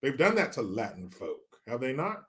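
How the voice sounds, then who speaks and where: A man's voice: mid-range voice, wildly swooping pitch, normal speed, a bit bright, slightly rough. A man hosting a profane political commentary rant, mocking and laughing often. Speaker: show host.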